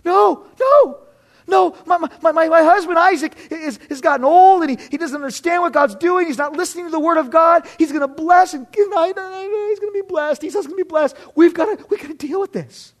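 A man's voice: extremely high pitch, drawn-out words, hardly any pauses, a bit bright, voice pushed up, heavily acted. A man voicing a panicking, anxious woman, a wife and mother, who stammers and repeats words in a rush as she retells a story. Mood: panicked.

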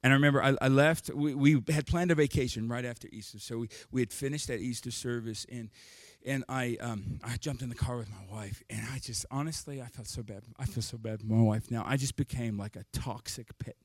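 A male pastor telling a story in his sermon, candid and self-deprecating, tossing in quick jokes. His voice sits in a middle pitch and is recorded close and dry, with little room sound. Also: no room sound.

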